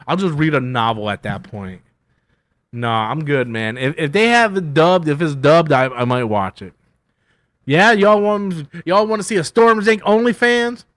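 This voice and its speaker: A male streamer rambles through viewer questions in a loose, profane, self-mocking way, his voice sitting a little high for a man. He jumps from loud outbursts to low mumbled asides and hums to himself between thoughts. The sound is dry and close, with no room around it. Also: dry recording. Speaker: YouTube host answering viewer questions. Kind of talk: rambling casual livestream chat.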